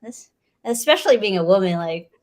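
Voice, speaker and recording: A woman co-hosting a live chat, relaxed, laughing often and trailing off mid-thought. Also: medium pitch, fairly quick.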